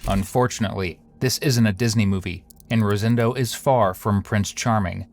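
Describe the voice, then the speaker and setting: A man's voice: lowish voice, normal speed, a little mellow. A man narrating a true crime video in a scripted, sarcastic tone. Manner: sarcastic, wry.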